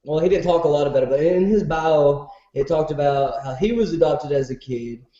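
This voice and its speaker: Mellow-voiced man, echoey lo-fi call. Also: fairly high pitch, a little fast, slight background noise. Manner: rambling, hedging, trails off. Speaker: panel guest. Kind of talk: casual group chat.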